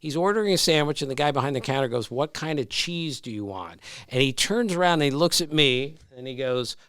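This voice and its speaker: An older man from Maryland, a podcast host answering audience questions with animated, self-amused anecdotes. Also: mid-range voice, a little fast, clean tone, dry recording, studio quality. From Maryland, USA. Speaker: podcast host, baseball writer. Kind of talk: storytelling in a live Q&A.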